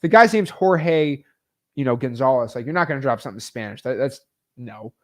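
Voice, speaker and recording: A man teaching real estate wholesaling in a casual, energetic way, full of fillers like "like" and "um". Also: mid-range voice, fairly quick.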